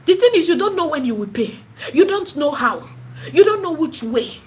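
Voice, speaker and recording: Very animated and high-pitched, this woman speaks at normal speed in a Nigerian accent, preaching passionately in a vlog. She sells online and vlogs about spirituality, and she repeats herself emphatically while mixing in Pidgin and Igbo.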